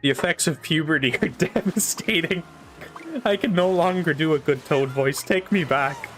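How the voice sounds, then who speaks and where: A man's voice: a little high, moderate pace, fairly bright tone, faint music behind. A young man chatting casually while playing a racing game live, rambling and swearing now and then, on a desk microphone. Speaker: streamer. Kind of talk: casual live gameplay chat.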